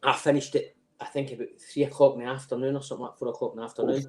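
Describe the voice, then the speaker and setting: A middle-aged Scottish man tells rowdy stories at a rapid clip as a podcast guest. His voice sits at an ordinary male pitch. He is animated, swears freely and laughs as he goes. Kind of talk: casual anecdote telling.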